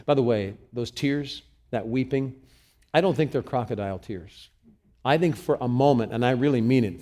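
A male pastor preaching a sermon, moving between loud scripture reading and quiet, intimate asides. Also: medium pitch.

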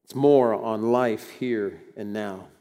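A man's voice: fairly low pitch, slow pace, dark tone. An older man preaching a sermon in a conversational, folksy way with bursts of emphasis. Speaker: pastor. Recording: long hall reverb.

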